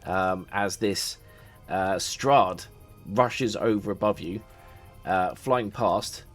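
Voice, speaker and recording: Low-voiced man running a tabletop game. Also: slow pace, faint music behind. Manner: loose, hesitant narration, often laughing. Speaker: game master.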